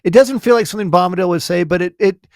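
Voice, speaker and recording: A man co-hosting a podcast in casual chat, excitable and often stumbling over his words. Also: high-pitched, fast, no room sound, clean studio sound. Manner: excitable, stammering restarts. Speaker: podcast co-host.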